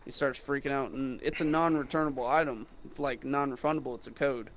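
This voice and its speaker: A young man who sells guitars, rambling through a mocking, animated story about rude customers in casual chat. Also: mid-range voice, fairly quick, slight background noise. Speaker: guitar salesman.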